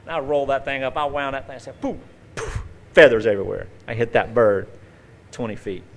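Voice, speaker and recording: A man's voice: mid-range voice, fast talker. Folksy male preacher, conversational sermon. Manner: folksy storytelling with vivid acted-out asides. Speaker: pastor.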